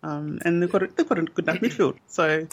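A man's voice: a little high, fast talker, dull audio. An Australian man co-hosting a casual fan podcast, blunt and opinionated, with frequent ums. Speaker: podcast co-host.

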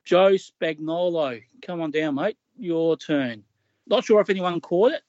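A man's voice: a little high, a little slow, a little mellow, dry recording. An Australian man co-hosting a sports podcast, mocking and ranting. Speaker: podcast co-host. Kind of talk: casual sports chat. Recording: dry, dull lo-fi mic.

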